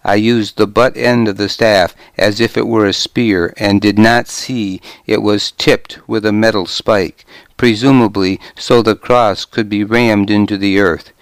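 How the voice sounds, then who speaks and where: A man reading a first-person audiobook as narrator, with a grim, measured delivery. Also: on the low side, fairly even intonation, no echo.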